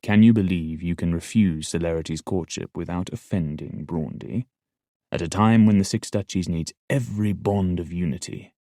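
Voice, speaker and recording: Man doing an aged court assassin mentor, very low and dry, quiet and unhurried; audiobook. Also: no room sound. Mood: grave. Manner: measured, quiet and slow. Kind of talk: audiobook dialogue.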